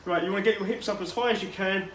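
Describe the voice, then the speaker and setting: Male fitness coach, higher voice, chatty instructive delivery with asides, outdoor take with light ambience. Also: very fast, a little hiss or hum. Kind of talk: guided workout instruction.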